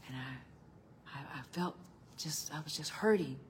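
An older woman preaching a sermon as pastor, calling out to her congregation and swinging between loud outbursts and hushed tones. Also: low-pitched, measured pace, slight background noise. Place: church.

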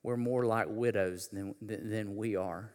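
A man preaching a sermon, talking casually with slang, then building to a loud, impassioned delivery. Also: fairly low pitch, steady tone, a little slow, long reverb tail. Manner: builds from conversational to shouting preacher intensity. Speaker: pastor.

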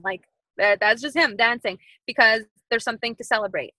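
Bright-voiced motivational woman speaker. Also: a little high, quick pace, no room sound, low-quality recording. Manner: animated, repetitive motivational phrasing. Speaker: guest. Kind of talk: casual podcast chat.

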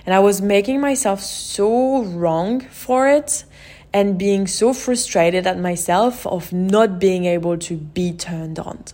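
A woman's voice: mid-range voice, takes it slowly, dark tone. A woman hosting a podcast, telling a personal story in an open, emotional way and often saying "like" and "you know". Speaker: podcast host.

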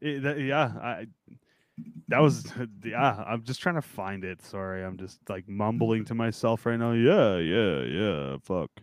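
A man's voice: medium pitch, measured pace, no echo, studio quality. A man co-hosting a casual sports podcast, laid-back and swearing freely. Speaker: podcast co-host.

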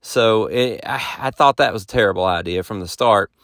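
A man's voice: on the low side, normal speed, fairly bright tone, dry recording, studio quality. A man hosting a podcast, telling a rambling, self-mocking story in a folksy, casual way. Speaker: podcast host and touring musician.

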